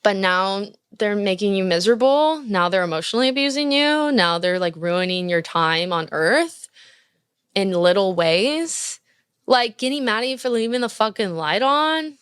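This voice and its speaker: Young woman podcaster, blunt and sweary, smooth voice, dry close sound. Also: mid-range voice, animated, moderate pace, a bit bright, dry recording. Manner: blunt, profane, gushing. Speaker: podcast host. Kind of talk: casual advice chat.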